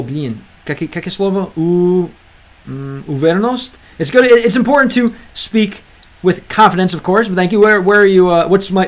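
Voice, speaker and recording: Casual streamer man with a slightly high voice, halting, filler-heavy delivery, slipping into learner Russian. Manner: halting, fills gaps with many ums and uhs; slips between English and learner Russian. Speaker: livestream host reading chat. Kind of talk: casual livestream chat.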